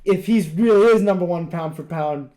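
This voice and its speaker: A man's voice: sits high, moderate pace, a crowd in the background. A young man co-hosting a podcast, talking in a rambling, emphatic casual way with lots of fillers. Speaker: podcast co-host. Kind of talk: casual chat.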